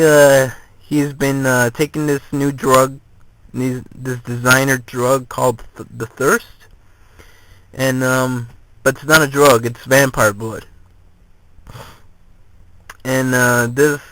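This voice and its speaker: A man giving a casual spoken movie review, retelling the plot in a rambling, halting way. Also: medium pitch, fairly bright tone, rough recording.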